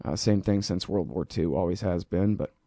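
A male radio host runs a political talk show in a casual, rambling, sarcastic manner. His voice is low and warm, at a normal speed, with studio-quality sound and no room noise.

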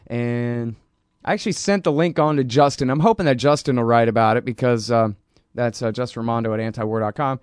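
A man's voice: mid-range voice, fairly quick, clean tone, no room sound, clean studio sound. A man hosting a political talk show, talking in a casual, rambling and sarcastic way. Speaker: radio show host.

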